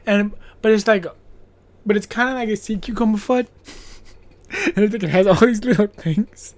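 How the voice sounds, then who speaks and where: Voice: mid-range voice, expressive, moderate pace, no room sound. Foul-mouthed rambling podcast host. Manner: profane, rambling, laughs at own jokes; sarcastic asides. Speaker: podcast host reviewing a horror film. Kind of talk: casual spoken film recap.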